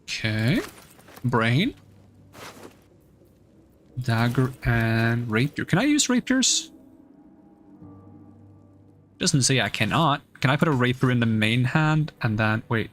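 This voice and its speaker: A man's voice: medium pitch, slow, pauses often, a bit bright, a little hiss or hum. A male streamer giving casual gameplay commentary, thinking aloud and puzzling over the game's rules.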